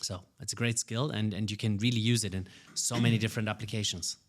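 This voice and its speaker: Energetic low-voiced male speaking coach. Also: quick pace. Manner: energetic, animated, repeats words when starting sentences. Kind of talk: interview answers.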